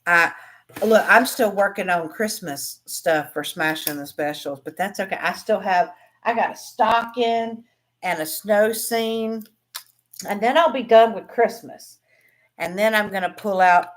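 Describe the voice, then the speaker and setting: A woman's voice: lowish voice, fairly bright tone. A woman, hosting a casual livestream, chatting with viewers about crafting, laughing often and trailing off into restarts. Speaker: craft livestream host and teacher. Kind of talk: casual livestream chat reading comments.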